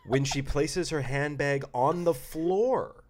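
A man's voice: fairly high pitch, slow, a little hiss or hum. A man co-hosting a casual podcast chat, rambling and joking, slipping into quoted voices. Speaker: podcast co-host.

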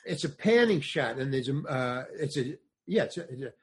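Older man telling lively anecdotes. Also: medium pitch, a little fast. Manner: animated, acts out other people's lines. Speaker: guest comedian and actor. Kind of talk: anecdotal storytelling.

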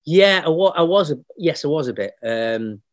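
Male actor, podcast guest, anecdotal and chatty, a touch higher than average, dry close sound. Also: lively intonation, normal speed, no room sound. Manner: chatty anecdotal storyteller, slips into voices for people he quotes. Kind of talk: casual podcast chat.

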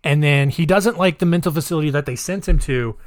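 A man's voice: a little high, fairly quick, no echo, clean studio sound. Chatty man telling a crime story. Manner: chatty, laughs at his own jokes, sarcastic. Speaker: podcast host telling a true crime story. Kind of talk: casual storytelling.

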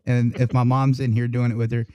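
A man hosting a podcast in casual chat, telling animated stories full of swearing and frequent laughter. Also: mid-range voice, brisk, dry recording, studio quality. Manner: profane, laughing, animated storytelling. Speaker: podcast host.

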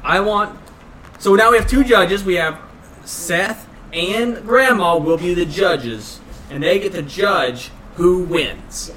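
A man explaining the rules of a family party game in quick, laughing bursts, heard from across the room on a home video. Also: high-pitched, bright, forceful tone, far from the mic. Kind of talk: casual family game night.

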